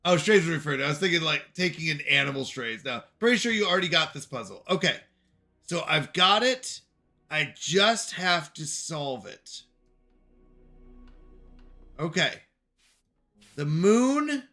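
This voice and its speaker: Guy streaming a puzzle game, bright voice a bit high, bouncy and jokey, scolds chat and himself. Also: lively intonation, measured pace, pauses often, faint music behind. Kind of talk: live game commentary.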